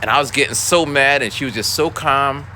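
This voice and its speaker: A man's voice: medium pitch, a little fast, bright, forceful tone, a little hiss or hum. A male schoolteacher telling a story in a casual, rambling monologue, full of restarts and voiced quotes. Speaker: school teacher.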